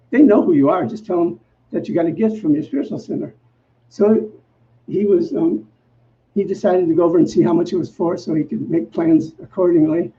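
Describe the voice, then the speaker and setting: A male minister telling a personal story in a sermon, acting out the dialogue in a lively, self-mocking way. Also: high voice. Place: church sanctuary. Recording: muffled recording with faint background noise.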